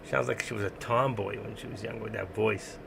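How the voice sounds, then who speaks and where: Gravelly New York man, blunt and rambling. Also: fairly low pitch, fairly quick, background noise. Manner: blunt, rambling and excitable, laughing often. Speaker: live stream host. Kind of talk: casual live stream chat.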